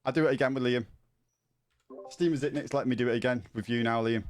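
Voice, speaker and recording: A man's voice: mid-range voice, fairly even intonation, a little fast. A man with a Scouse accent from Liverpool, chatting casually while streaming a game, eager and insistent, swearing often. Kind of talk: casual gaming chat.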